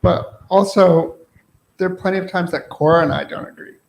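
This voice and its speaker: A man's voice: sits high, steady tone, moderate pace, creaky. A man talking thoughtfully on a panel about his work, with loose phrasing. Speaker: printmaker, panel guest. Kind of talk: casual panel talk. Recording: echoey room.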